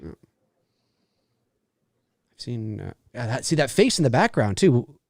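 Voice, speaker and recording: A man hosting a casual movie watch-along podcast, chatty and excitable. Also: mid-range voice, measured pace, gravelly, no echo, clean studio sound. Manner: chatty, excitable, many restarts. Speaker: podcast host.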